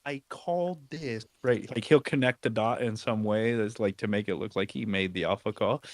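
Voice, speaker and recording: A man's voice: fairly low pitch, steady tone, fairly quick, no echo. A man co-hosting a casual live audio chat, joking in loose slang.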